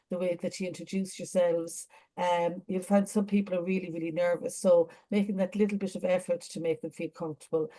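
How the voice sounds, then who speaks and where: An Irish woman leading an online training meeting, giving chatty advice with lots of ums over a video call. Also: fairly low pitch. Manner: chatty, warm advice with many fillers. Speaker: adjudicator training lead.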